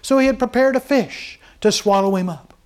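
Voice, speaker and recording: High-voiced preacher, conversational. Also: male voice, darkish tone, clear, resonant tone. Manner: conversational preaching, asks the congregation questions; voices mockers and scripture in quick asides. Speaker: pastor. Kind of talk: sermon.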